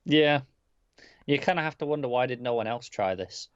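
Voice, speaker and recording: A man's voice: medium pitch, expressive, moderate pace, smooth, no echo, muffled recording. A man co-hosting a casual review chat, laid-back and giving short replies. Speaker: podcast co-host.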